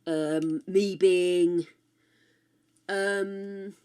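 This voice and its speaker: A woman's voice: fairly low pitch, steady tone, drawn-out words, a little mellow, clean tone. Older British woman streamer, casual and frank, swears freely, chats while gaming. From United Kingdom. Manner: chatty, frank and swearing freely, with playful asides to chat.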